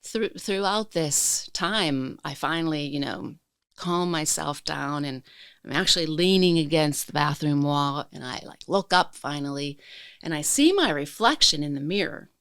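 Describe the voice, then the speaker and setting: A woman podcast guest telling a personal story in a slow, reflective way, reliving the emotions. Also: deep voice, animated, a bit bright, clean tone, no room sound, studio quality.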